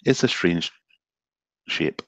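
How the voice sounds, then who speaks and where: A man's voice: slow pace, fairly bright tone, no room sound. A Scottish man from south of Glasgow, a guest fishkeeper chatting relaxedly on a live stream from his home office, self-deprecating and easygoing. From Scotland, south of Glasgow. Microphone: video call.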